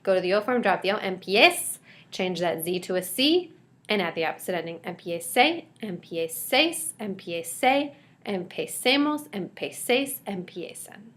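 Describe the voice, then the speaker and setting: A woman teaching a recorded grammar lesson, explaining each step clearly and switching between English and Spanish examples. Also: medium pitch, expressive, unhurried, fairly bright tone.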